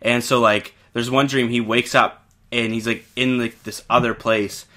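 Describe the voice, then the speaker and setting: A man's voice: medium pitch, flat delivery, moderate pace, sharp tone. A man co-hosting a podcast, telling a ghost story in casual chat, rambling with lots of fillers and swearing. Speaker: podcast co-host.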